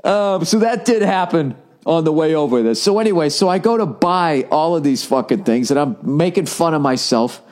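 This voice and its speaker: A man's voice: a little high, animated, moderate pace, hardly any pauses, a little mellow. A man, a comedian, telling a story in a casual, profane, self-mocking monologue.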